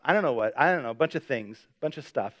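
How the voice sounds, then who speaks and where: A male pastor preaching a sermon in a chatty, lively storytelling way, his voice jumping up when he acts out a scene. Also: medium pitch, quick pace, dull audio. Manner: chatty, with many fillers. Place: church service.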